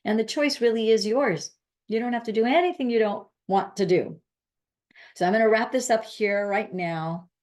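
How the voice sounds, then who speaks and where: A woman's voice: a little high, moderate pace, darkish tone. A woman hosting a wellness video, talking earnestly to her viewers and repeating her key phrases for emphasis. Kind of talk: casual monologue to camera.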